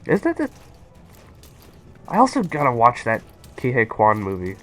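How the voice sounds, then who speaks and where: A young man chatting casually and excitedly with his viewers while playing a game on a live stream. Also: mid-range voice, normal speed. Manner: excitable, rambling, talks to chat.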